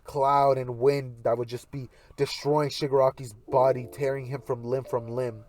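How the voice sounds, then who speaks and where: A man's voice: mid-range voice, flat delivery, normal speed, darkish tone. A man casually narrating a hypothetical anime fight scenario, rambling with fillers. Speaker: YouTuber. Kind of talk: casual fan-fiction storytelling.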